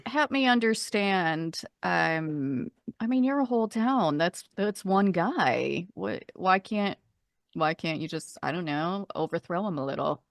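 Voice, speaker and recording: A woman playing a tabletop game, asking slow, puzzled questions. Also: on the low side, expressive, gravelly, no echo. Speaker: player.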